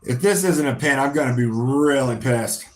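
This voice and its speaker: A man hosting a football watch-along, reacting live with excitable shouting and frequent swearing. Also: medium pitch, normal speed.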